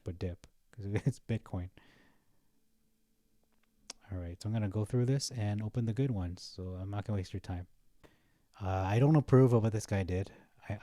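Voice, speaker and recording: A man's voice: fairly low pitch, warm tone, no echo, studio quality. A young man giving casual, rambling commentary on his vlog while browsing, chatty and often laughing at his own jokes. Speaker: stock market vlogger.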